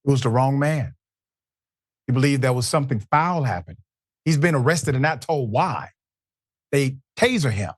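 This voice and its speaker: A man hosting a news commentary show, delivering stories with dramatic emphasis and pauses. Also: mid-range voice, lively intonation, no echo, clean studio sound.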